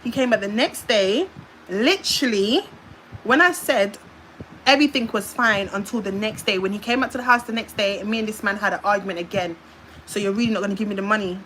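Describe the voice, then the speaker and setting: A woman's voice: mid-range voice, fairly quick, slight background noise, low-quality recording. Rambling British woman telling a story on a livestream. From United Kingdom. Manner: rambling and animated, with repeated filler sounds.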